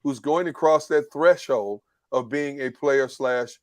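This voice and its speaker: A man on a casual sports talk panel, talking in a measured way and often repeating words as he starts a sentence. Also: mid-range voice, darkish tone, no room sound, clean studio sound.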